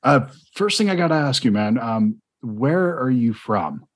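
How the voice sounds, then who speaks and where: Hosting a film podcast, this Georgia man with a Southern accent talks in an expressive, medium-pitched voice at a measured pace. The interview is conversational, and he's eager, frequently rambling and starting over.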